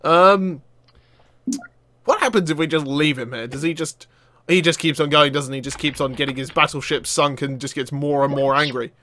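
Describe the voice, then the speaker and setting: A young man giving excitable let's-play commentary, often shouting and laughing as he plays. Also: fairly high pitch, normal speed. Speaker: gaming video creator.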